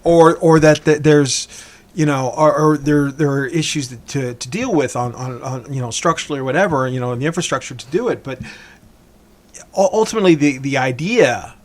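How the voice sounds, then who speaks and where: Halting, stammering male podcast host. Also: fairly high pitch. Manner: halting, stammers and restarts a lot. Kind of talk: casual podcast interview.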